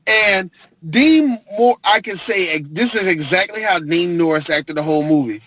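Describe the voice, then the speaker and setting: A man co-hosts a casual movie podcast with a high, bright voice. His tone is husky and breathy at the edges. He tells the story in an animated, profane way, laughing as he goes. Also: normal speed, no room sound, poor audio. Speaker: podcast co-host. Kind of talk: casual movie review chat.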